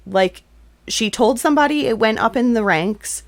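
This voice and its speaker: A woman hosting an advocacy podcast who narrates a guest's story and discusses it, in a measured storytelling manner. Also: on the high side, dry recording. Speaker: podcast host.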